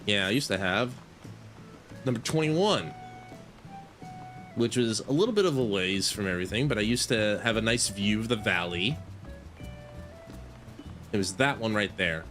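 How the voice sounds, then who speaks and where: A man's voice: on the low side, animated, normal speed, pauses often, a bit bright, soft background music. A man chatting casually to his viewers while streaming a game, rambling and correcting himself as he goes. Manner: rambling, self-correcting, talks to chat. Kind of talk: casual gaming stream chat.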